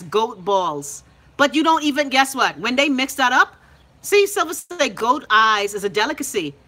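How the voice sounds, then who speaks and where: Bahamian woman host, bright and highish, brash and profane, calls out viewers by name. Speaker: host of a live call-in show. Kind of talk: loud casual livestream chat reading viewer comments.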